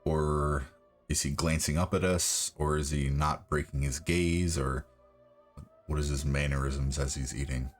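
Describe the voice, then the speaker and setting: A man's voice: extremely low pitch, steady tone, unhurried, soft background music. A man playing a tabletop game, asking questions and describing his character's actions. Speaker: player.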